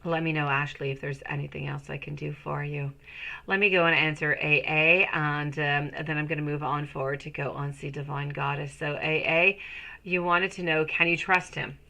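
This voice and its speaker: Bright-toned woman reading tarot live. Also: low-pitched, fairly even intonation, normal speed, vocal fry, low-quality recording. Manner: soothing, calls viewers sweetie, rambling. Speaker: tarot reader.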